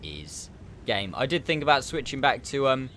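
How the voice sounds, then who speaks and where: A man's voice: mid-range voice, big pitch swings, moderate pace, a bit bright, a little hiss or hum. A man giving chatty, upbeat and self-mocking commentary over his own game footage as a gaming YouTuber. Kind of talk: gameplay commentary.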